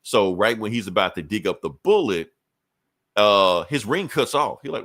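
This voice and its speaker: A man hosting a podcast, recapping a comic issue in loose casual storytelling, acting out characters' lines in quick asides with plenty of profanity. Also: fairly low pitch, animated, a bit bright. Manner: frequent profanity and fillers. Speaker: podcast host.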